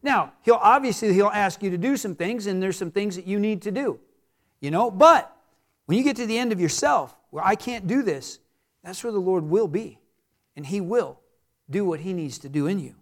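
A middle-aged man preaching a sermon in an unusually high voice. He talks straight to his congregation, asking rhetorical questions and repeating key phrases to build them up. His tone stays casual, like a pastor chatting from the pulpit. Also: animated, normal speed.

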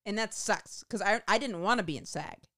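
A woman telling a rambling, profane comic story in a casual monologue, going off on animated tangents. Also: medium pitch, fairly quick, no room sound, studio quality.

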